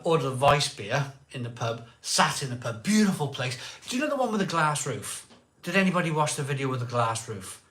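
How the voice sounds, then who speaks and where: A man's voice: on the high side, sharp tone. A man hosting a live beer stream, telling a rambling story in a chatty way, repeating himself and acting out what people said.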